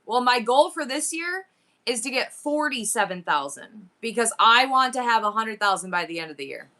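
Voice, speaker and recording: A woman live-streaming to her viewers, chatting casually and excitedly as she thinks aloud through her numbers and goals. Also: on the high side, moderate pace.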